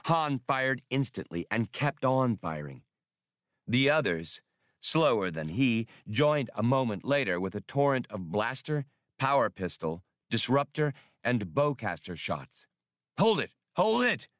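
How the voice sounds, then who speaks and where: A man reading an audiobook aloud, telling the action in an animated way. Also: mid-range voice, measured pace, dry recording, clean studio sound. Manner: animated storytelling. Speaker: audiobook reader. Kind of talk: audiobook narration.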